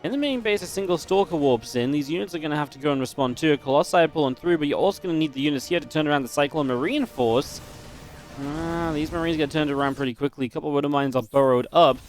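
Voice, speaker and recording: A man's voice: a little high, quick pace, faint music behind. A man casting a strategy game match, chatty and analytical, breaking into easy laughs. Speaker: esports caster. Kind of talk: play-by-play game commentary.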